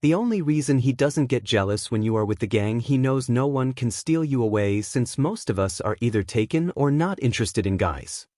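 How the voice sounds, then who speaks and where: A man's voice: mid-range voice, expressive, moderate pace, few pauses, mellow, no room sound, clean studio sound, natural voice. A man voicing a teasing young male assassin friend in a read-aloud fan story.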